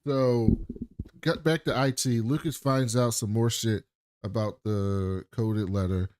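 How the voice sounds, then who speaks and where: A man's voice: lowish voice, slow, dry recording, clean studio sound. A man co-hosting a casual podcast, recapping a TV episode and acting out the characters' lines with lots of swearing. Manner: animated retelling, acts out characters' lines with profanity. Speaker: podcast co-host.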